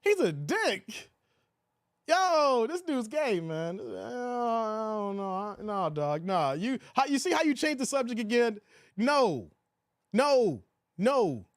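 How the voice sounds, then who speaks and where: A man hosts a casual livestream, taunting and trash-talking the people in his chat with plenty of slang. His voice sits high and swings widely in pitch as he gets worked up. The sound is dry, with no room echo. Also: slow pace. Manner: animated, laughs often. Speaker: livestream host reading chat.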